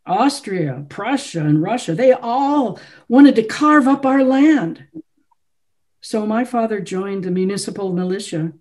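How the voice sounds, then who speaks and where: A woman voicing an ailing, intense male composer who speaks slowly, with weight on his words. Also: mid-range voice, expressive, darkish tone, voice pushed up, lightly acted. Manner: slow, weighted speech.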